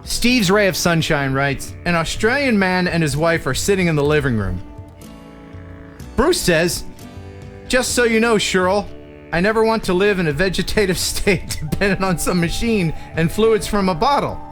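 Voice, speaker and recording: Jokey American male stream host with a higher voice, over faint music. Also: expressive, moderate pace, fairly bright tone. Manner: jokey, laughs often, reads out viewer jokes. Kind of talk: casual live-stream chat.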